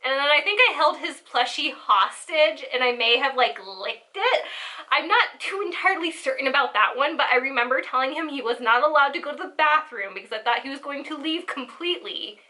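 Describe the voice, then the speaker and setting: A young woman in her twenties telling a rambling, animated story, often breaking into giggles. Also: sits high, brisk. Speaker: vlogger. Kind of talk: casual storytelling.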